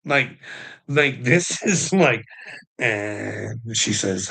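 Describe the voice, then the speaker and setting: Middle-aged man, husky low voice, unhurried profane live rant, frequent laughter. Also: lively intonation, sharp tone, rough recording. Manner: profane, rambling, laughs often. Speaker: livestreamer.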